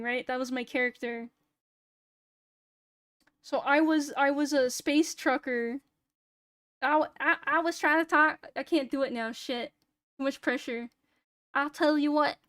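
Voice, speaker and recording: A woman's voice: sits high, no room sound, clean studio sound. A young woman streamer chatting casually, laughing, swearing freely and joking at her own expense. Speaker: VTuber streamer.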